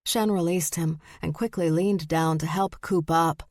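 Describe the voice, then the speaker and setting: A woman narrating an audiobook in a measured, deliberate way. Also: sits low, steady tone, no room sound, studio quality. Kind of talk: scripted narration.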